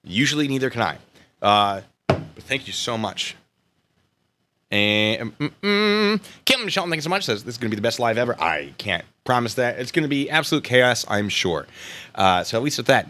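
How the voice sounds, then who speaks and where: Lively, animated American man streaming. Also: medium pitch, normal speed. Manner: animated, jokey, swings between loud and mumbled asides. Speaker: live stream host. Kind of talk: casual live stream chat.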